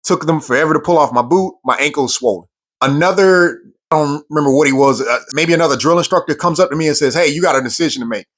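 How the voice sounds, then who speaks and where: A man's voice: on the high side, fast talker, a bit bright. A man, a military veteran, telling a personal story in an earnest, emphatic way, often repeating words for stress.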